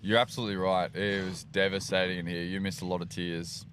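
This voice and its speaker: A man's voice: deep voice, little pitch movement, brisk, fairly bright tone, slight background noise. A man from Queensland with an Australian accent, co-hosting a live race stream with jokey, teasing casual banter. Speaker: livestream co-host. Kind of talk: casual live event commentary.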